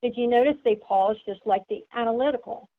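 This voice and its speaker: A woman's voice: fairly high pitch, a little fast, slight background noise. A woman giving an instructional sales seminar, explaining step by step and putting questions to her listeners. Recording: tinny phone-like sound.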